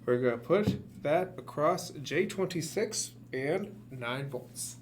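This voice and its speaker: At a hobby workbench in a hackerspace workshop, a man reads instructions aloud step by step, deliberately, dropping dry jokes in between. His animated voice sits on the high side, and there is a little hiss or hum.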